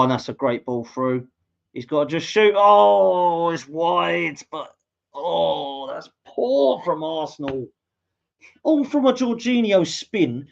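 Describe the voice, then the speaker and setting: An English podcast host runs a live watchalong, commentating on the match and reacting as a fan, his voice a touch high and creaky. He's excitable, shouting when the team scores and reading out viewer comments. A dull lo-fi mic makes the sound muffled.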